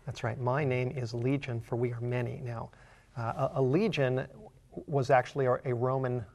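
A man's voice: mid-range voice, fairly even intonation, normal speed, darkish tone. A man preaching a sermon. He explains a Bible passage as a story in an earnest way and builds to emphatic questions.

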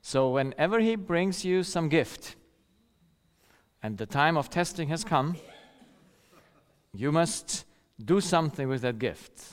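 A middle-aged male preacher tells a story from his own life at an unhurried pace. His voice sits fairly high for a man and sounds smooth and clear. The sound carries a long reverb, as in a large hall. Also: animated. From rural countryside. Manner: storytelling, acts out quoted voices, laughs often. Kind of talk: sermon.

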